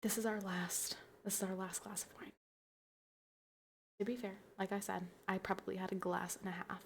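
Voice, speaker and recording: A young woman chatting on a livestream, tipsy from wine and quick to giggle. Her mid-pitched voice carries a gravelly fry, with a faint hiss of noise underneath. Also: flat delivery. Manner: giggly, chatty, thanks viewers for gifts. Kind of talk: casual stream chat while drinking wine.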